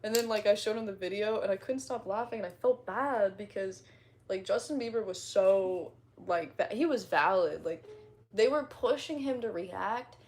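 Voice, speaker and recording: A woman's voice: medium pitch, moderate pace, darkish tone. A young woman chatting casually with her followers, rambling in slang, laughing often and retelling stories dramatically. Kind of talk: casual chat.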